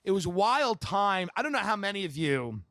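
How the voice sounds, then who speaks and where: High-voiced man telling rambling funny stories. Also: brisk, no room sound. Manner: animated, rambling, laughs between lines. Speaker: podcast host. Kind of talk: comedic storytelling.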